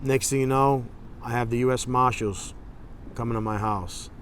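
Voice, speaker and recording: A man's voice: medium pitch, steady tone, normal speed, a bit bright, a little hiss or hum. A man in a documentary interview, bluntly telling a story and acting out both sides of phone calls.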